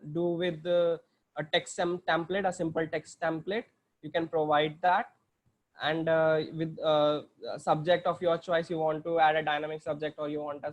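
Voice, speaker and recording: A man with an Indian English accent walking through a software demo on a screen share, hesitant, with many fillers and restarts. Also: a little high. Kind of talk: screen-share tutorial walkthrough.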